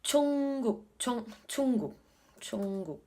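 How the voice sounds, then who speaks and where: A woman's voice: fairly high pitch, animated, slow pace, warm tone. A woman with an Irish accent chatting casually in a study vlog, thinking aloud and repeating words to practise them. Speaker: video blogger learning Korean.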